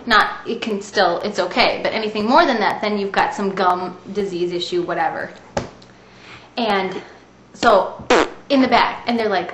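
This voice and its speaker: A woman's voice: a little high, normal speed, a bit bright. A woman in her thirties casually telling a rambling story to the camera, chatty and often laughing as she goes. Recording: echoey room with faint hiss.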